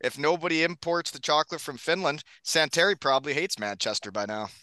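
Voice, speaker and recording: A man's voice: on the high side, expressive, fairly quick, bright, forceful tone, no room sound. A man hosting a casual hockey podcast, upbeat and joking, often laughing. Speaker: podcast host.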